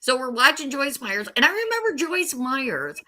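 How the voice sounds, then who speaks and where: A woman's voice: sits high, big pitch swings, moderate pace, pushed and bright. A middle-aged woman telling her life story casually and candidly, often laughing wryly. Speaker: mother telling her testimony.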